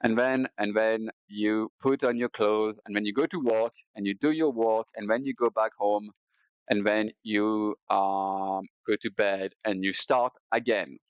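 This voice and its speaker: A man's voice: on the low side, steady tone, a little slow, clear, resonant tone, no room sound. A man chatting casually while streaming a video game, rambling and joking at his own expense, recorded on a cheap headset. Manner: rambling, playful, self-mocking. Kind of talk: casual gaming stream chat. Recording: dull lo-fi headset audio.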